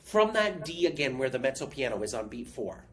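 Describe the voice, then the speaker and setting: A woman's voice: very deep voice, big pitch swings, brisk. A woman teaching piano over a video call, patiently counting beats aloud and scatting rhythms. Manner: patient, encouraging. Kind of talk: online music lesson.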